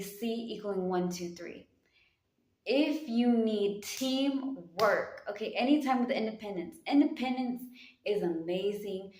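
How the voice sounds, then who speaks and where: A woman's voice: medium pitch, a little mellow. A woman giving a casual tarot reading in a sassy, slangy way, calling her listeners honey. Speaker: tarot reader. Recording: echoey room.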